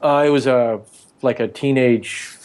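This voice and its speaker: A man in his forties tells long, rambling stories from his early acting days in a casual interview. He slips into the voices of the people he quotes. His voice sits at an everyday middle pitch. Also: steady tone, a little slow, darkish tone, clean tone. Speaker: actor and author, interview guest.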